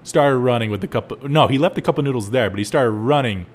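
A young man hosting a solo podcast, telling stories animatedly with laughs and loud exclaims. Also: mid-range voice, fast. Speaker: podcast host.

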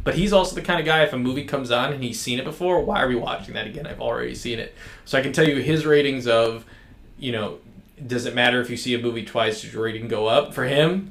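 A man's voice: medium pitch, a bit bright. A man co-hosting a podcast, telling stories and sharing movie opinions with enthusiasm. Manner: enthusiastic storytelling. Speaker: podcast co-host. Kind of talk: casual chat. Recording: echoey room.

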